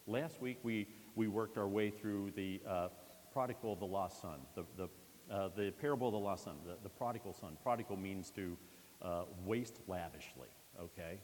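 A man with a dark, low-sitting voice preaches at normal speed, chatting with his congregation and asking "all right?" again and again. The setting is a church sanctuary, captured with long hall reverb and faint hiss.

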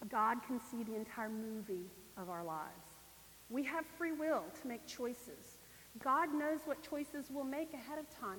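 A woman's voice: a little high, fairly bright tone. A woman preacher giving a sermon at a church service, telling her stories with animation and acting out the people in them. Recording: long reverb, faint hiss.

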